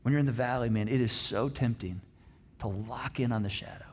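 A middle-aged man preaching a conversational sermon, animated and acting out the quotes he tells. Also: mid-range voice, brisk, slight background noise. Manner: conversational, animated, acts out quotes, frequent restarts. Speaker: pastor.

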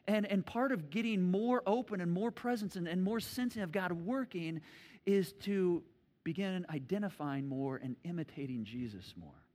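High-voiced pastor preaching in a reverberant hall. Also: male voice. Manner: animated, acts out stories with loud shouts and sound effects. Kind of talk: sermon. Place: church hall.

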